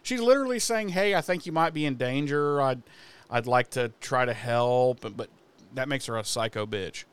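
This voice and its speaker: A man's voice: mid-range voice, fairly even intonation, normal speed, fairly bright tone, smooth. A man casually recapping a TV episode as a podcast co-host, swearing freely and acting out the characters' lines.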